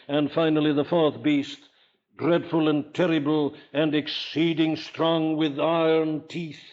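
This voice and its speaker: Older Welsh-accented preacher, emphatic and questioning, fairly high voice, dull lo-fi sound. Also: male voice. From Wales. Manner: emphatic, rhetorical questions, rising to forceful declarations. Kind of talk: sermon. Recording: dull lo-fi archival sermon recording.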